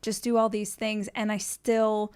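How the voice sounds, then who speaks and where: Female host, middle-aged, rambling conversational delivery, middle pitch. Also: level tone, measured pace, a little mellow, smooth. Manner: rambling, restarts thoughts, many "like"s. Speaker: podcast host. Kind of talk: casual interview conversation.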